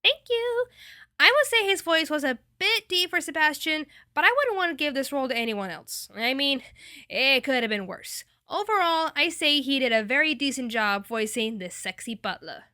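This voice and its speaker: A woman's voice: sits high, lively intonation, moderate pace, bright, forceful tone, dry recording, clean studio sound. Enthusiastic, chatty woman reviewing anime. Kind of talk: casual review.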